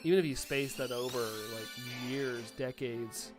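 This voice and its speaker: A man from the United States, a live streamer, chatting casually and answering viewer chat out loud. He sounds a little sniffly from allergies. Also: medium pitch, steady tone, unhurried, music in the background.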